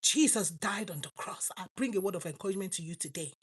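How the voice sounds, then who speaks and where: A middle-aged Nigerian woman preaching a fervent sermon to online viewers, swinging between loud exclamations and low asides. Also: fast talker, few pauses, husky.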